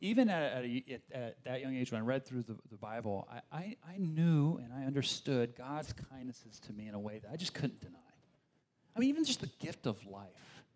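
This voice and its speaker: A man preaching a sermon in an animated way, often restarting his sentences as he talks it through. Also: medium pitch, brisk. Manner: animated, acts out complaining voices, frequent restarts. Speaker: pastor.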